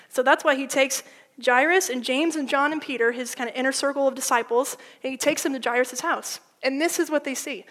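A woman preaching a sermon in a casual, animated storytelling way, full of "like", swinging between loud and hushed. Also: high-pitched, a little fast. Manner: informal, with frequent "like".

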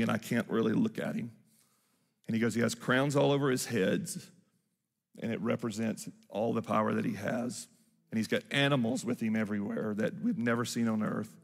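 A man's voice: on the low side, vocal fry. A man preaching a sermon from a church stage, telling a story and acting out the people in it. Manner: storytelling, acts out quoted voices. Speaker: pastor. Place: large church hall. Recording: church hall reverb with music.

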